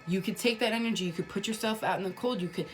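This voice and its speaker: A woman's voice: medium pitch, fast, faint music behind. A woman talking casually about spirituality to her viewers, emphatic and repetitive, swearing now and then. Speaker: spiritual vlogger.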